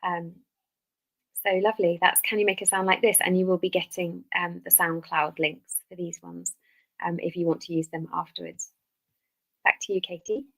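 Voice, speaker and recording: A woman's voice: fairly low pitch, moderate pace, low-quality recording. Woman leading a music webinar. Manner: relaxed, many ums. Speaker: music session leader. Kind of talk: webinar teaching.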